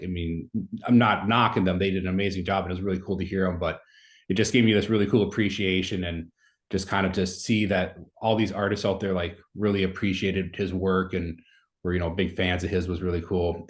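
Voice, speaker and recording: A man in his thirties telling a story in casual conversation as a podcast guest, rambling with many fillers. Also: low-pitched.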